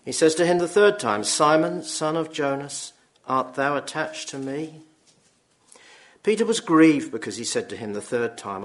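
Solemn man reading scripture. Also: mid-range voice. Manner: slow, solemn reading with throat-clearing. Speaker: preacher.

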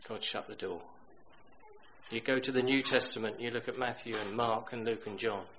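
A middle-aged man delivers a sermon in a mid-range voice, leaning into stories. He rises to loud, emphatic peaks and drops to near-whispered asides. A faint hiss sits behind the recording. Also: medium pitch, steady tone, moderate pace. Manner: storytelling, swings from loud emphatic to quiet. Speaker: preacher.

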